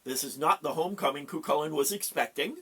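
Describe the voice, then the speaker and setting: A man telling a folk tale aloud in an animated, dramatic way with pauses. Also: on the high side, breathy edge. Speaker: storyteller.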